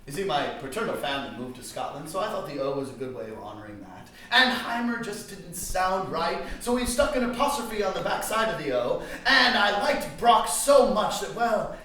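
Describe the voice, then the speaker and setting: A man's voice: sits high, sing-song, normal speed, hardly any pauses, sharp tone, very echoey, recorded from a distance, a little hiss or hum, exaggerated voice. An actor playing a pompous, self-important male acting guru lecturing in a grandiose theatrical manner. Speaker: acting teacher.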